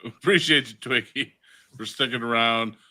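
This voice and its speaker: A playful male podcast host with a very bright, forceful voice, trying on an Irish accent as he chats. He laughs a lot and keeps things loose. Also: mid-range voice, normal speed. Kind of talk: casual podcast chat.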